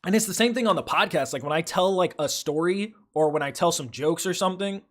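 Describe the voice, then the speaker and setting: A man's voice: high-pitched, fast talker. A young man hosting a livestream, reading viewer comments aloud and chatting in loose, profane slang full of fillers. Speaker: livestream host.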